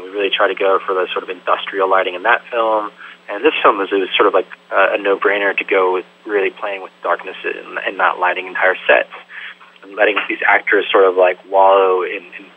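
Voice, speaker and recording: A man, a film director, answering interview questions thoughtfully and loosely, with lots of "sort of" and "like". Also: low voice. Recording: tinny phone-like line with faint hum.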